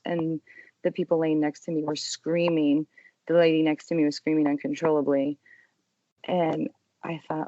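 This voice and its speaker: Young adult woman, low voice, earnest guest recounting her ordeal, dry muffled recording. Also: flat delivery, moderate pace, dry recording. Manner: earnest, emotional retelling with quiet hushed quotes. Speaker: podcast guest. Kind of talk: personal testimony in an interview.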